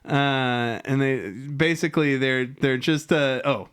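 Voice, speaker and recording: A man's voice: mid-range voice, slow, fairly bright tone, clean tone. Chatty man retelling a cartoon episode. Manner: swears often, acts out lines from the episode. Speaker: podcast co-host. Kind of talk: casual chat.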